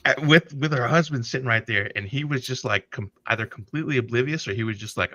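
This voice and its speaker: A man's voice: medium pitch, fast, hardly any pauses, pushed and bright, dry recording, lo-fi sound. A man in his forties telling profane, laughing stories in a casual livestream chat. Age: 40s. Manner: profane, laughing, vivid storyteller.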